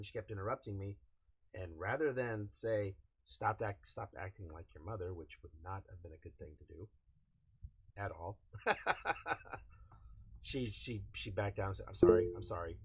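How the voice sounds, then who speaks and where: Low-voiced man telling candid stories. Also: slightly rough. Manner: candid, rambling storytelling with many fillers. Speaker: podcast co-host. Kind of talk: casual chat.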